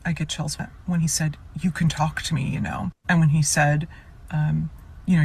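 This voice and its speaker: A woman's voice: low-pitched, flat delivery, normal speed, vocal fry, darkish tone, slightly rough. A woman speaking earnestly and a little choked up, sharing her admiration for what she has just watched. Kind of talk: emotional commentary on a video call.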